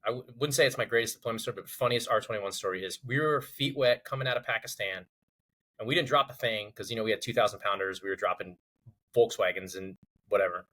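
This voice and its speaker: Speaking fast in a lowish voice, a man hosting a podcast chats casually through a humorous military tale, animatedly raising his voice to act out what the others said. The recording quality is rough.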